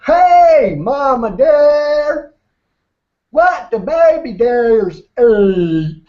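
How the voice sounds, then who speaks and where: A man voicing an excitable baby big-mouth frog that shouts its questions in a stretched-out way, on a dull lo-fi recording. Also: exaggerated voice. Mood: shrill excited. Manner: shrill, shouted, drawn-out questions.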